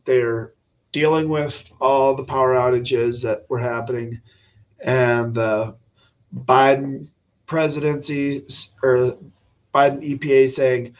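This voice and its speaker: Guy doing a live stream, blunt and opinionated, talks slow and rambly. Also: mid-range voice, fairly even intonation, muffled recording. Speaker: livestream host. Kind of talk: casual political livestream talk.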